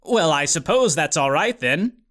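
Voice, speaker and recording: A man's voice: on the high side, lively intonation, measured pace, a bit bright, voice pushed down. A man playing a clueless, rambling would-be professor. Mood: puzzled. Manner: offhand, rambling and dim. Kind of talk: audiobook character voice.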